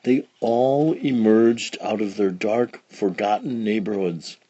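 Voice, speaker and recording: Slow, expressive man reading a storybook. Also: fairly low pitch, breathy edge, muffled recording. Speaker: storybook reader. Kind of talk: children's read-along narration.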